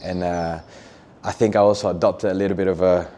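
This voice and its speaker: A Mexican man, a native Spanish speaker with a slight English twang, talking in a relaxed, self-amused way in an interview. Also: low voice, a little fast, slight background noise. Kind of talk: casual interview.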